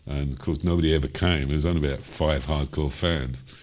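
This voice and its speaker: An older man with a Cockney accent and an extremely deep, low voice. He meanders through his memories with ums, you-knows and small chuckles, in the easy way of a seasoned jazz singer being interviewed. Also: fairly even intonation, fairly quick. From London, England. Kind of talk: interview storytelling.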